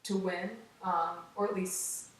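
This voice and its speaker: A chatty woman guest tells a story, acting out what people said and peppering it with "like". Her voice sits a bit low and comes from a distance in a very echoey room. A faint hiss runs under it. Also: takes it slowly. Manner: animated, acts out quotes, many "like"s. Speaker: interview guest, runner. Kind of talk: casual storytelling in an interview.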